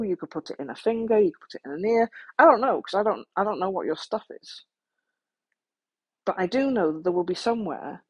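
Here a woman with a medium-pitched, breathy-edged voice speaks frankly to the listener. Her subject is coping with trauma, approached practically and with a few self-deprecating asides.

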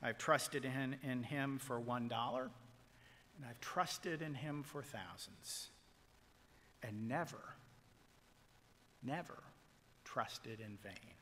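Bright-voiced preacher, booming to whispering. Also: male voice, slow pace, long pauses, big-room sound, a little hiss or hum. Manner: dramatic swings from loud proclamation to hushed whispers; quotes figures in a retold story. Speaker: pastor. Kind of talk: sermon.

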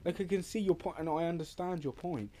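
A man's voice: fairly high pitch, fast, warm tone. Rambling man co-hosting a podcast. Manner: rambling, restarts often, swears casually. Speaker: podcast co-host. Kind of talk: casual chat.

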